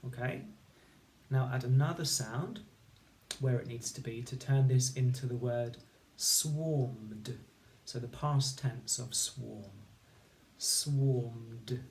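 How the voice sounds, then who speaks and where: A man teaching a recorded phonics lesson, sounding out words slowly and clearly, one sound at a time. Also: mid-range voice, slight background noise. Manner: slow, clear, patient instruction with sound-by-sound segmenting. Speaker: primary school teacher.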